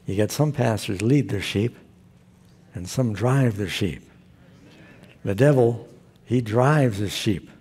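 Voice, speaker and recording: A man's voice: lowish voice, lively intonation, takes it slowly, long pauses, darkish tone, husky. A male pastor who preaches a sermon in a folksy, storytelling way.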